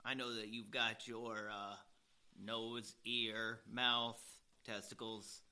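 A man co-hosting a casual podcast, asking rambling, halting questions. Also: on the low side, little pitch movement, sharp tone, clear, resonant tone. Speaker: podcast co-host.

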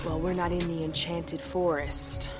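Brief: actress as a brisk, smug female operative, lowish voice, loud music under. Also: little pitch movement, close to an everyday voice.

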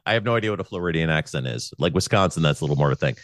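A man's voice: rumbling low, lively intonation, racing, dry recording, clean studio sound. A man hosting a podcast, chatting casually, rambling and joking with lots of fillers. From born in Pennsylvania. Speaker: podcast host. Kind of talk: casual chat.

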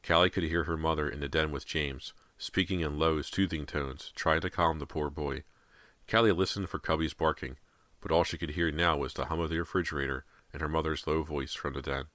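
A man reading a horror novel aloud in a measured, steady voice, close to the mic. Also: extremely low pitch, dry recording. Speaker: audiobook narrator. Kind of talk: scripted horror narration.

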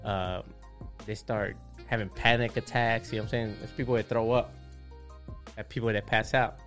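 Laid-back tattoo artist telling a story. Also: male voice, lowish voice, fairly even intonation, normal speed, fairly bright tone, faint music behind. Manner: laid-back, profane, keeps saying "you know what I'm saying". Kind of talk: casual storytelling.

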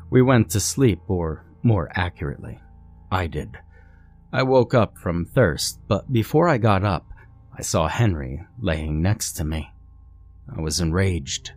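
A man narrating a scary story in a measured, dramatic storytelling way. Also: deep voice, darkish tone. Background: faint music.

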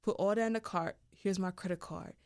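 A woman voicing her boyfriend, who murmurs softly and coaxingly to his girlfriend. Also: high-pitched, fairly even intonation, fairly quick, smooth, dry recording, studio quality.

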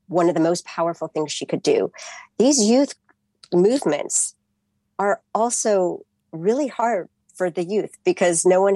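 A woman professor from California answers interview questions in a thoughtful, halting way. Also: on the low side, dry recording. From California, USA. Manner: thoughtful, warm, halting with fillers. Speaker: professor, guest expert.

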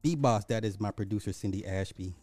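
A man's voice: fairly low pitch, brisk, faint music behind. Rambling man hosting a live radio show. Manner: loose, repetitive, excitable, swears. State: sick.

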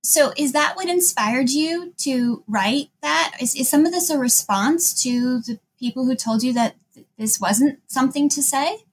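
A woman's voice: high voice, measured pace, breathy edge, rough recording. A woman interviewer asking probing questions, stumbling a little as she restates them.

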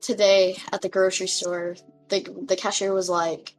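A woman in her twenties in casual chat with friends, excitable, swearing and laughing often. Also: mid-range voice, normal speed, faint music behind, low-quality recording. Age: 20s.

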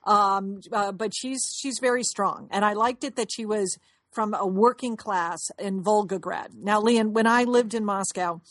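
A woman's voice: medium pitch, measured pace, no room sound, clean studio sound. A woman co-hosting a casual chat, talking in a rambling way with restarts and laughs at herself. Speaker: podcast co-host.

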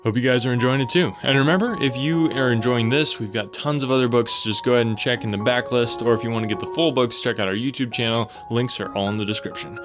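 A man reads an audiobook aloud in a mid-pitched, even voice. He opens in a friendly, casual way and then narrates steadily, with faint music heard behind him. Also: quick pace, few pauses.

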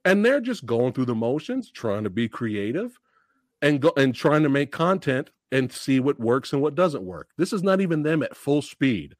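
Animated, ranting male podcast host. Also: medium pitch, moderate pace, no room sound, studio quality. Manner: profane, animated ranting with laughs. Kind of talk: heated movie review rant.

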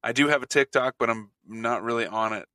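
A man with a bright, forceful voice talks casually as a podcast guest. He is easygoing and drops in short remarks. The recording is dry and close. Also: mid-range voice, a little fast, clear, resonant tone, no room sound. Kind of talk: casual chat.

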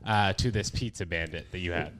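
A man's voice: sits low, a little fast, a bit bright. A man hosting a podcast in casual chat, laid-back and slangy. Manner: laid-back, slangy, says "dude" a lot. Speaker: podcast host.

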